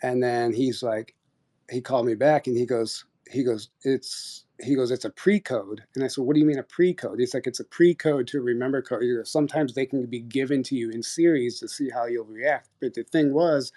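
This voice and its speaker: A man with a warm, dark-toned voice at an ordinary middle pitch tells a long personal story. His talk is loose and rambling, packed with fillers and false starts, in a casual live-chat manner. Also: moderate pace. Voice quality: rambling, many fillers and restarts. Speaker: podcast host sharing experiences.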